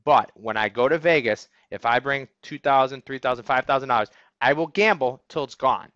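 A man's voice: mid-range voice, fairly quick, fairly bright tone, no room sound, lo-fi sound. A man teaching an online trading webinar, talking energetically and emphatically and asking "okay?" after nearly every point. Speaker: trading instructor. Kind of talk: webinar lecture. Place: office.

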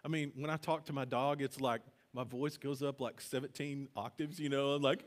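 A man with a notably high voice preaches to his church congregation. He talks in an earnest, conversational way, stumbling over repeated words and calling on the people to say phrases back to him. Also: a bit bright. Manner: earnest, halting, leads congregation call-and-response. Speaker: pastor. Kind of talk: conversational sermon. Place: church sanctuary.

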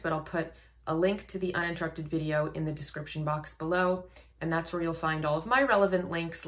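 Low-voiced woman vocal coach. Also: a bit bright. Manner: thoughtful, reads text aloud, laughs often. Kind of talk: casual song reaction commentary.

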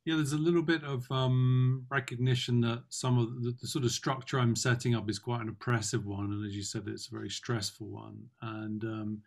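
A man being coached in a consultation, speaking in a halting, reflective way with many fillers and restarts. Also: mid-range voice, little pitch movement, gravelly. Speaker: client in consultation. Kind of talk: reflective conversation.

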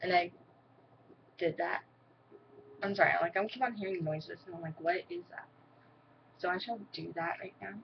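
Teen girl vlogging, rambly and excitable, kinda low voice, muffled cheap mic with a little hiss. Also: normal speed, creaky, pauses often. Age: teens. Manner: rambling, filler-heavy, excitable. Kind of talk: casual chat to camera. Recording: dull lo-fi webcam audio with faint noise.

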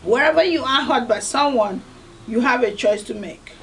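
High-voiced woman, earnest. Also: normal speed, fairly bright tone, slight background noise, low-quality recording. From Nigeria. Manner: earnest, emphatic, repeats "I tell you". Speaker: host of a devotional series. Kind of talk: motivational devotional talk.

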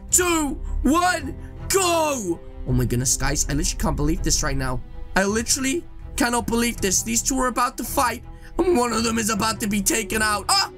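A young male YouTuber calls a game fight in an excited rush, his viewers always in his ear. His voice sits high and sharp, leaps all over the place, and has a bit of fry at the bottom. Soft music plays behind him. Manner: hyped, exclamatory, addresses viewers as guys. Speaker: gaming YouTuber. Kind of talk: excited gameplay commentary.

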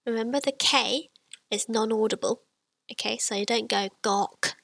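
A woman teaching a beginner language lesson, speaking patiently and clearly while she demonstrates sounds for the listener to repeat. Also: fairly high pitch, normal speed, a bit bright, dry recording, low-quality recording.

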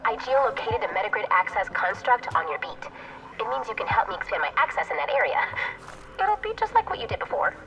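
A woman's voice: a little high, very animated, fairly quick, a bit bright. A cool, aloof hacker girl. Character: young female hacker, cool and cryptic. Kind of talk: video game dialogue. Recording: distant game audio under music.

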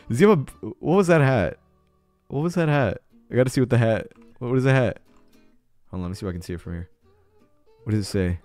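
A young man on a live game stream, jittery and loud, his pitch leaping all over as he cheers and curses. His voice sits close and dry on the mic, with faint music under it. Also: very animated, a little fast, long pauses, dry recording. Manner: hyped and jittery, swears a lot, cheers loudly. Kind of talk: casual live-stream chat while gaming.

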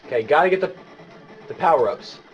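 A man plays a video game and talks through it, his high voice jumping all over the place. He exclaims and shouts at every close call. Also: lively intonation, a little fast, muffled recording, soft background music. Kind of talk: excited let's-play commentary.

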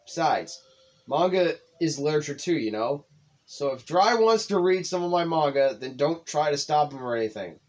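A man's voice: on the high side, expressive, normal speed, pitched above the performer's own voice, lightly acted. A man doing a brash, prickly little schoolgirl. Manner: brash and defensive. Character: small, assertive, prickly teenage girl.

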